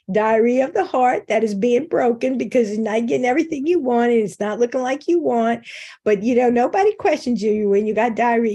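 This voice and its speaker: A woman's voice: a little high, a little mellow. A middle-aged woman giving an informal faith talk on a video call, candid and self-mocking, laughing often. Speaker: guest speaker.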